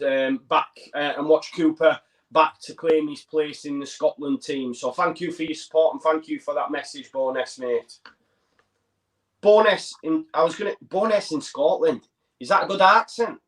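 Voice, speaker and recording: A man's voice: on the high side, fairly bright tone, distant mic. A man co-hosting a football fan livestream, reading out viewer messages and chatting in a matey, laughing way. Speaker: co-host reading viewer comments. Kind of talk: casual live match chat. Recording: voice heard from off the mic.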